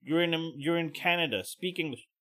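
A man mimicking a rude, entitled woman who makes confrontational demands in a shrill, mocking voice. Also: fairly quick, pushed and bright. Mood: demanding.

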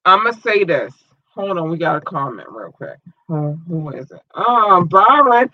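A woman's voice: sits low, sing-song, normal speed, dry recording. A woman hosting a livestream, ranting in a heated, emphatic and profane way. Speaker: livestream host. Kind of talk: casual livestream rant. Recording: dull lo-fi stream audio.

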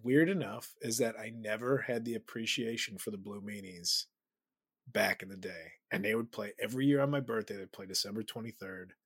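Husky low-voiced man telling rambling stories. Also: brisk, dry recording, studio quality. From Chicago suburbs, USA. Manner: rambling, laughing, self-deprecating. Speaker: comedian guest. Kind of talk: casual storytelling chat.

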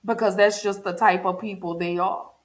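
A woman's voice: medium pitch, fairly even intonation, normal speed. A grieving woman talks openly and earnestly to her viewers in an emotional personal check-in, repeating phrases for emphasis. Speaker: vlogger.

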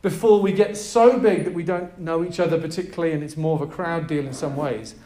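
A pastor delivering a sermon to a gathered group, emphatic and energetic, drawing in the audience with prompts and questions. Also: male voice, fairly high pitch, brisk, roomy sound.

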